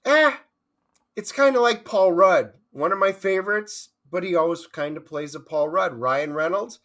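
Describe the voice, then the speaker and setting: Man, higher pitch, casual review banter, short chime-ins, blunt takes. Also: normal speed, a bit bright. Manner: brief interjections and blunt opinions. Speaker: movie review podcast co-host. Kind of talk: casual conversational movie review.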